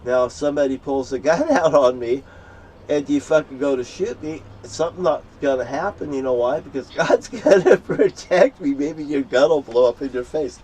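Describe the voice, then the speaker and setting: A man delivering a profane, boastful, threatening rant outdoors, swearing constantly and breaking into loud outbursts. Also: a little high, lively intonation, moderate pace, husky. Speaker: street ranter. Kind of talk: profane angry monologue. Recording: distant mic with faint background noise.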